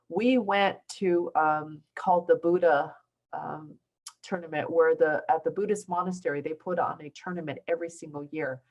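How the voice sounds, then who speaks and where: A woman's voice: fairly low pitch, darkish tone, rough recording. A middle-aged woman from southern China, a basketball coach, tells stories to an audience in a casual way, full of restarts and fillers. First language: Taiwanese. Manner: conversational storytelling with many restarts and fillers. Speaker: basketball coach giving a talk. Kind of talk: informal speech to an audience. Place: university lecture hall.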